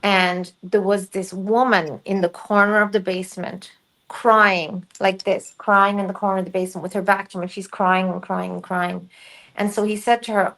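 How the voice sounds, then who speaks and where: A middle-aged woman, a guest medium, telling a personal story in casual interview chat, lively and acting out the voices she quotes. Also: medium pitch, moderate pace, rough recording.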